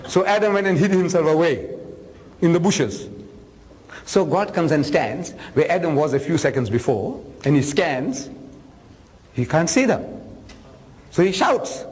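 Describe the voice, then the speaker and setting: An older man and religious lecturer, telling stories to an audience in an animated, humorous way, acting out dialogue and sound effects. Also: on the high side, measured pace, pauses often, big-room sound, low-quality recording. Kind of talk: storytelling sermon to an audience.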